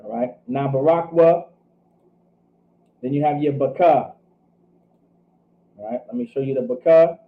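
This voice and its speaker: A man's voice: mid-range voice, a little slow, long pauses. A man teaching a Hebrew scripture class who thinks aloud, double-checks himself and keeps saying "all right". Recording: tinny phone-like line.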